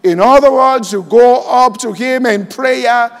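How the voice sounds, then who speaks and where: Male pastor with a very high voice, preaching slowly to a congregation in a reverberant hall. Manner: preaching slowly and deliberately, quoting scripture aloud; checks in with the congregation often. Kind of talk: sermon. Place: large church hall.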